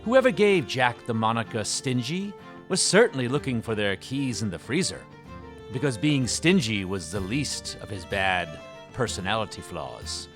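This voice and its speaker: Comic narrator, male, mid pitch, lively delivery, faint music behind. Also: moderate pace.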